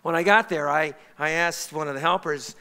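A man's voice: on the high side, moderate pace, creaky, clean tone. A middle-aged man preaching a sermon, telling a personal story with self-mocking humor in a church sanctuary. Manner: self-mocking, animated anecdote. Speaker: pastor. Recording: echoey hall.

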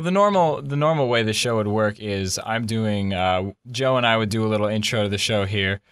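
A young man hosting a casual college podcast, relaxed and rambling with lots of fillers. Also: fairly low pitch, no room sound, studio quality. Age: young adult. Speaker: podcast host. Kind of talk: casual chat. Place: college campus.

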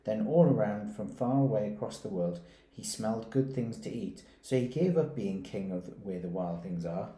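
A man, a primary school teacher reading a picture book aloud and stopping to ask his pupils gentle questions. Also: lowish voice, lively intonation. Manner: gentle, questioning, reads slowly and pauses to ask. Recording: roomy echoey recording.

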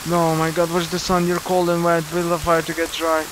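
A young gaming YouTuber with a Slovenian accent plays a horror game, his slightly high, monotone voice a little fast over background noise. His scared commentary is jumpy and panicky, with swearing and repetition.

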